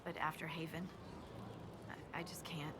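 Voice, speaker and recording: Cheerful young woman scout, low voice. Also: level tone, measured pace, very noisy. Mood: earnest. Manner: chatty, giggly, modest.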